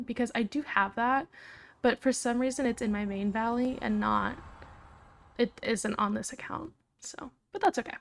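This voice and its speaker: A woman hosting a video game let's play, chatting casually and rambling, with occasional hushed asides. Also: fairly high pitch, normal speed, gravelly, soft background music. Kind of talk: casual gameplay commentary.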